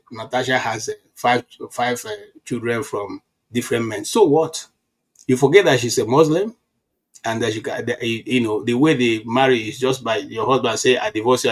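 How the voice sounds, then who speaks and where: A Nigerian man in his fifties holds forth in a casual political chat. His voice is husky and sits at an ordinary pitch, and he tells his stories with animated restarts. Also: normal speed. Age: 50s. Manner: animated storytelling with frequent restarts.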